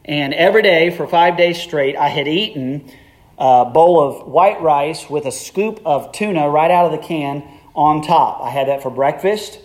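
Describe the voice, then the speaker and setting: A man's voice: on the high side, unhurried. A middle-aged man preaching a sermon as a pastor, telling a story in a conversational way that climbs to emphatic peaks.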